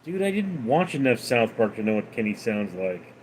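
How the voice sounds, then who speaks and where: A man hosting a casual livestream, reading viewer questions aloud and answering them in a deadpan way. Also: medium pitch, normal speed, a little hiss or hum. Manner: deadpan, reads names then answers. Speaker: livestream host.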